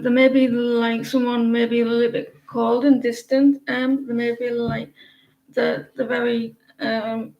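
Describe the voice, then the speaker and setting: A woman reading tarot cards on a live stream, chatting with viewers and explaining the cards in a slow, halting way, with many fillers and restarts. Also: on the high side, darkish tone, reverberant, slight background noise, poor audio. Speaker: tarot reader.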